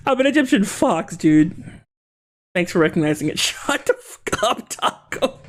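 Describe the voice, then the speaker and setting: A live streamer in casual chat with viewers, joking and breaking into excited shouts. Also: medium pitch, unhurried. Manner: excitable, jokey, bursts into laughing shouts.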